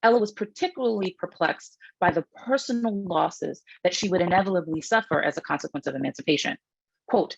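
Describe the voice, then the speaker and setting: Middle-aged woman author reading from her book, gravelly husky voice, lots of ums and restarts, dry muffled sound. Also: fairly quick, dry recording. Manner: raises her pitch when reading quoted passages, frequent fillers and restarts. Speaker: author giving a public book talk.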